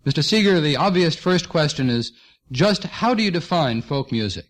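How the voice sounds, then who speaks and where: A man hosting a radio program in the studio, introducing his guest and asking measured, polite questions. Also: a little high, animated. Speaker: radio host. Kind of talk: formal radio interviewing.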